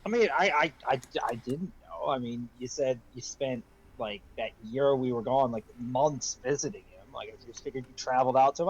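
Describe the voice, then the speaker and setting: A player in an online tabletop game who talks in a halting, stammering way. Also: mid-range voice, husky, muffled recording. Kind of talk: casual chat in a tabletop game.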